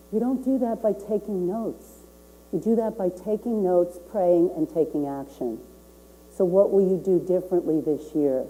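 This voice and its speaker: A woman's voice: low-pitched, dark tone, rough recording. An older woman minister giving a sermon, earnest and repeating key phrases for emphasis.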